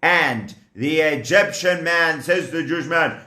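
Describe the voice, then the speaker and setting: A man narrating a children's story in an animated way, asking the young listeners questions. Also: fairly high pitch, unhurried, hardly any pauses. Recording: echoey room.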